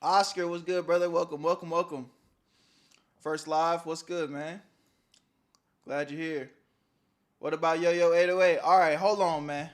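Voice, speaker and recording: A young man hosting a casual livestream, bantering loosely with his chat and swinging between loud calls and mumbled asides. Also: a little high, fairly even intonation, measured pace, long pauses. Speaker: streamer.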